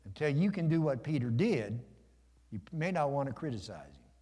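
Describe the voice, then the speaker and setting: A man's voice: mid-range voice, big pitch swings, moderate pace, mellow, slightly rough. A man preaching a sermon to his congregation in a folksy, conversational way, asking them questions and joking. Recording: long reverb of a large hall.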